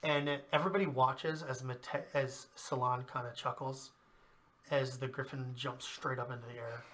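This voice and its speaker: A man's voice: medium pitch, steady tone, moderate pace, pushed and bright. A man running a tabletop game as game master, narrating casually and laughing often.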